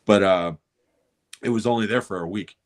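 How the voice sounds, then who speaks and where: A middle-aged man telling a story on a podcast, animated and swearing freely. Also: on the low side, moderate pace. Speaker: podcast co-host. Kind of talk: casual chat, storytelling.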